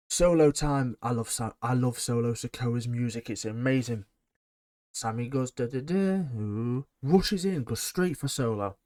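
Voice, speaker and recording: A man's voice: mid-range voice, no echo, clean studio sound. A man giving a blunt, sarcastic and rambling casual recap of a wrestling show.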